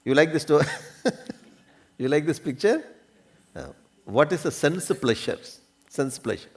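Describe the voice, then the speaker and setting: A man's voice: fairly high pitch, lively intonation, measured pace. A man teaching a spiritual discourse, often checking that listeners follow and coughing now and then. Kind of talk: religious discourse.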